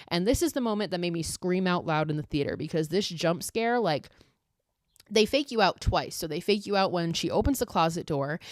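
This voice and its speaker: A woman hosting a podcast, recapping a horror movie in casual, animated speech full of profanity and filler words. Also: on the low side, dry recording, clean studio sound. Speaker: podcast host.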